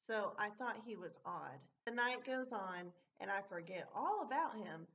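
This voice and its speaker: A woman's voice: medium pitch, big pitch swings, unhurried, a bit bright. A young woman telling a story from her old job in a casual, rambling way, with many fillers and some swearing. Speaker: vlogger. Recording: dull lo-fi audio.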